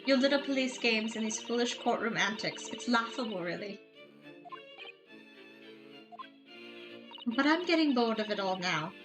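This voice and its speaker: A woman's voice: a little high, animated, fairly quick, natural voice, low-quality recording. A woman reading game dialogue aloud, voicing a scornful upper-class Englishwoman with a put-on English accent and a condescending, prim manner. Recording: game music behind.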